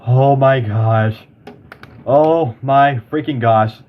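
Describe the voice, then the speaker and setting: A man at home filming a severe storm out his window, giving excitable, exclamatory live commentary to his viewers. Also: medium pitch, slow pace, highs cut off. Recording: heavy rain and hail noise. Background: rain and hail pounding.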